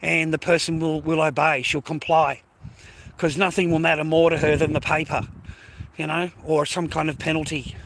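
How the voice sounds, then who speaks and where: A man with an Australian accent vents to camera in a loose, swearing monologue. His voice sits high for a man and has a sharp, forceful edge. He circles back over the same points and keeps calling his listeners mate. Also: little pitch movement, moderate pace, a little hiss or hum, rough recording. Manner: profane, repetitive, addresses viewers as mates and boys. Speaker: vlogger. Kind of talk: ranting casual monologue.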